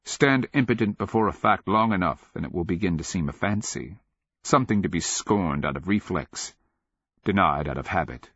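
A man giving steady, measured scripted narration of a fantasy audiobook, on a dull lo-fi recording. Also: sits low, slightly rough, no echo.

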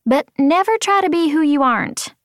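A woman voicing a serene, gentle female pilot who speaks calmly and softly. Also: high voice, normal speed, dry recording, clean studio sound, pitched above the performer's own voice. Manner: calm, soft-spoken.

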